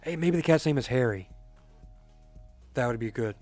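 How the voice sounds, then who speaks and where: A man's voice: mid-range voice, expressive, moderate pace, darkish tone, soft background music. Joking male game streamer. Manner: joking, chatty, reads chat aloud. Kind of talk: casual gameplay commentary.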